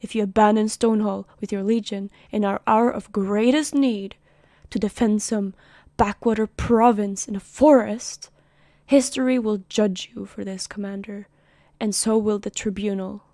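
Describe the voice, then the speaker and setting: A woman's voice: mid-range voice, fairly even intonation, normal speed, warm tone, no echo, studio quality, lightly acted. A woman voicing a desperate officer who pleads with a commander during a siege, in an urgent and accusing manner.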